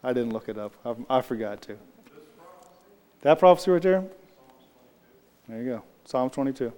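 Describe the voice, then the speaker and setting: A man's voice: mid-range voice, lively intonation, normal speed, a little mellow. A man leading a casual Bible study, talking loosely and answering his group as he reads aloud. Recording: reverberant room.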